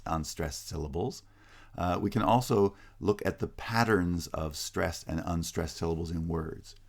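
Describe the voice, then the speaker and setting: A male lecturer with a very low voice that grinds into vocal fry at the ends of phrases. He explains each point step by step, often pausing on "uh" and restarting his sentences. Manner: explanatory, frequent "uh" fillers and restarts. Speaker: linguistics lecturer. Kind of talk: recorded online lecture.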